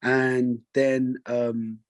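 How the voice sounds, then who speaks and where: A man's voice: mid-range voice, little pitch movement, drawn-out words, no echo. A man from the UK speaking as an interview guest, casual and hesitant, with many fillers and restarts.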